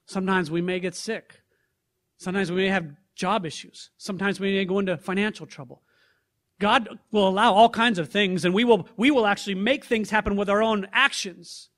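A man preaching a sermon, reading scripture aloud and then pressing the listeners with rhetorical questions, rising loud and dropping soft. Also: high-pitched, normal speed. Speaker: pastor.

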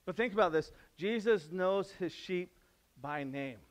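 A man preaching a sermon in a conversational way, climbing to loud, emphatic peaks and dropping to soft, low passages. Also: expressive, a little slow. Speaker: pastor.

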